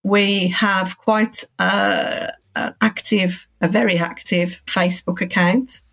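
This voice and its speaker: Calm encouraging woman. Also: medium pitch, takes it slowly. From England. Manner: calm, encouraging, rambling explanations. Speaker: cancer support centre guest. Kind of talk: podcast interview.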